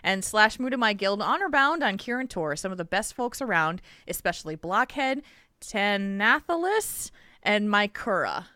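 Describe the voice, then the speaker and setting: Young female co-host, bubbly and quick to laugh, bright lively voice. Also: mid-range voice, no echo, studio quality. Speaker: podcast co-host. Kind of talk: casual chat, reading listener messages.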